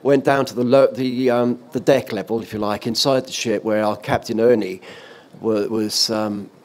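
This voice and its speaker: An older man, a former offshore radio presenter, recounting a stormy night at sea in animated anecdotal style, with laughs and restarts. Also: fairly low pitch, normal speed. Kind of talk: storytelling in a panel talk. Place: event stage or hall.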